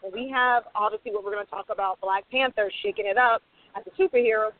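Talking fast at a medium pitch, a woman screenwriter makes her points emphatically on an animated panel, performing bits of dialogue along the way. The recording is dry, with tinny, phone-like audio.

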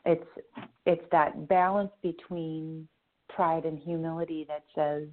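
A woman co-hosts a radio show as a rune reader, talking slowly and earnestly about spiritual ideas. Her voice sits a little low and comes through a tinny, narrow phone line. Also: level tone. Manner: slow, earnest, spiritual musing. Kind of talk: reflective radio talk.

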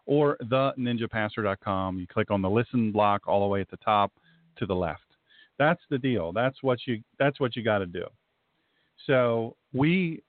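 A man with a Southern drawl talks in a loose, folksy way, repeating himself as he gets fired up. His voice sits low. It comes through a dry, tinny phone line. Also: no room sound. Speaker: talk show host and pastor. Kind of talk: casual radio talk.

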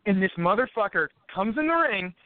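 A man with a high voice rattles off a profane, rambling story at a quick clip. The sound is tinny and phone-like, with a dry, close room. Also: very animated, no room sound. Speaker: podcast guest, fighter. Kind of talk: casual storytelling.

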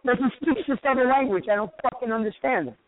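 A man's voice: extremely high pitch, quick pace, dry recording. Man doing a foul-mouthed Italian-American hothead. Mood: ranting. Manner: profane, aggressive, shouting insults. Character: loud brash Italian-American man, hot-tempered. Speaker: radio comedy character caller. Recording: tinny dry phone line.

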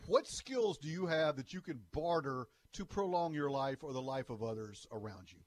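A man's voice: a little high, animated, moderate pace, a little hiss or hum. Teasing man hosting sports radio. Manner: teasing, laughs often. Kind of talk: casual radio banter.

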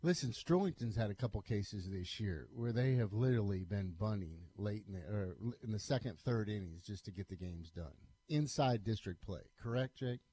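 A man over forty hosting a morning sports talk radio show, briskly reading scores and rundowns. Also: on the low side, animated, warm tone, slightly rough.

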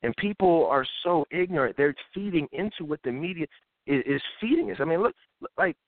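A man in his thirties hosting a live commentary show, ranting in an animated way and mocking people in put-on voices. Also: on the high side, brisk, no echo. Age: 30s. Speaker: host. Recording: tinny phone-like sound.

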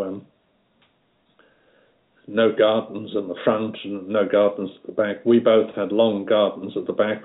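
An older man from Liverpool with a light Liverpool accent, talking unhurriedly as an interview guest, with many fillers and restarts. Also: on the low side. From Liverpool, England. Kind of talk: casual interview reminiscence. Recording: tinny phone line.

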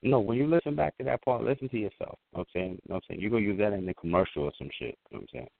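Brief: very low male voice, middle-aged co-host, loose and profane, dry tinny line. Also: lively intonation, rapid-fire, vocal fry, no echo. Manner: loose, profane, talks in slang with many fillers. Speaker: podcast co-host. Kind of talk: casual chat. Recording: dry, phone-like lo-fi sound.

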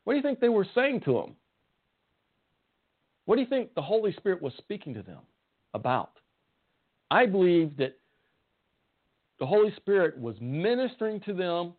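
Southern male preacher, folksy teaching tone, slightly high voice, phone-quality sound. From Southern United States. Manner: folksy, asks listeners questions. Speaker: Bible teacher. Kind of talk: conversational sermon. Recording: tinny phone-like audio.

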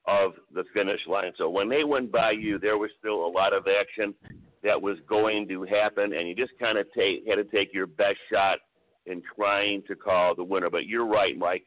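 Older man, announcer guest, chatty storyteller, deep voice, phone-line audio. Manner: chatty anecdotal storyteller, many "I said, he goes" retellings. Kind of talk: storytelling radio interview.

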